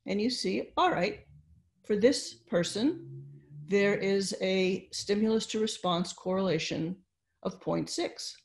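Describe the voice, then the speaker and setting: An older woman giving an online webinar lecture, explaining step by step with pauses, fillers and restarts. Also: mid-range voice, a little mellow. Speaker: neuroscience lecturer. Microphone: computer mic on video call.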